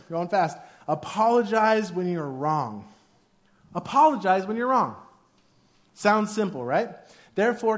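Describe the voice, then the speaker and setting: A man in his thirties preaching a sermon with a high, bright pitch that leaps up and down. He keeps it casual and jokey, and acts out quoted arguments in a raised voice. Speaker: pastor.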